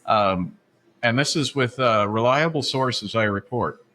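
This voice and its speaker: A man in the middle of his range hosts a casual sports talk show. He rambles from one tangent to the next with a relaxed, conversational rhythm and frequent filler words. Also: medium pitch, unhurried. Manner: chatty, many "uh" fillers, laughs at his own asides. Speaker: podcast host.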